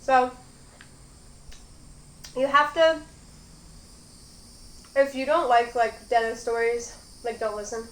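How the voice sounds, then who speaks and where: A woman's voice: on the high side, slow, pauses often. A young woman hosting an eating vlog, chatting casually and rambling with lots of fillers. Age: young adult. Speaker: mukbang host. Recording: roomy echo, faint background noise.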